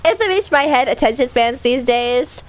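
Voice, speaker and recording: A woman's voice: high voice, expressive, normal speed, faint music behind. A young woman streaming a video game, chatting casually in a bubbly, giggly way. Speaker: VTuber streamer. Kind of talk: casual gameplay commentary.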